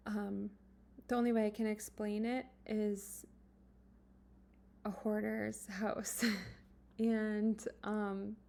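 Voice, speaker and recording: A woman vlogger sharing a personal story in an earnest, emotional way, speaking softly and haltingly with many fillers. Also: medium pitch, creaky. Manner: soft-spoken, halting, full of fillers and restarts; earnest and emotional, at times dropping to a whisper.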